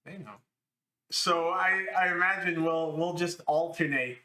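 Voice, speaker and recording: A man's voice: fairly high pitch, a little slow, bright, forceful tone. A man co-hosting a podcast, doing a comedic reading of a crude novel and laughing as he goes. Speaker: podcast co-host.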